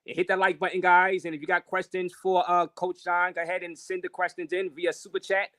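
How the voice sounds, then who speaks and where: A man's voice: high-pitched, little pitch movement, a little fast, a bit bright, no room sound, clean studio sound. A man hosting a casual livestream interview, talking loosely to his chat and using many fillers. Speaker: livestream host.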